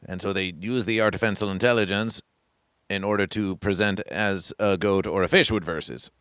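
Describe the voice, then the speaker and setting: Bright-toned man preaching comic nonsense. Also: fairly low pitch, steady tone, moderate pace, smooth, dry recording. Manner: grandiose, repetitive, preacher-like cadence. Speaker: livestream host. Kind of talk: rambling comic livestream monologue.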